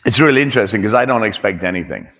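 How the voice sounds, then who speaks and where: A man working as a chef, joking with and encouraging audience members in a casual, animated way. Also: lowish voice, racing. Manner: jokey and encouraging, with restarts. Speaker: chef answering audience questions. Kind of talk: casual, animated conversational talk. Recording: echoey hall.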